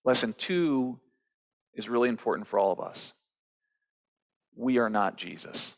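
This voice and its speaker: Man, pastor, sermon, conversational storytelling, mid pitch. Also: animated, measured pace. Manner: conversational storytelling, acting out quotes.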